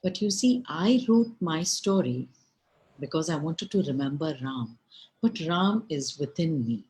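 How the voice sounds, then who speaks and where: A woman voicing a gentle old monkey sage. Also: low voice, unhurried, rough recording. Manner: calm, quiet, kindly.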